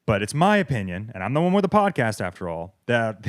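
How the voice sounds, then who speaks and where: A man's voice: medium pitch, big pitch swings, moderate pace, dry recording, clean studio sound. A man, hosting a podcast and ranting sarcastically with heavy swearing. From American South. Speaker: podcast host. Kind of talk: comedic rant. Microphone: wireless clip-on mic.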